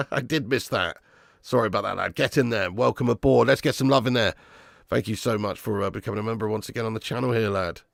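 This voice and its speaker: A man hosting a live football watch-along, calling the play and reading chat, excitable and swearing freely. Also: on the low side, fairly quick, creaky, no echo, clean studio sound. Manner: excitable, swears, jumps from play calls to chat shout-outs. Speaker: fan channel host.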